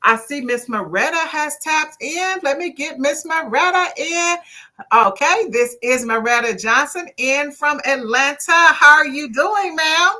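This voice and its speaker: This is a woman who hosts a casual livestream show. Her voice is bright and sits a little high, and she talks in an outspoken, preachy way while she reads viewer comments aloud. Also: measured pace. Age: 50s. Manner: outspoken, lively, preachy, swears. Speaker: livestream talk show host.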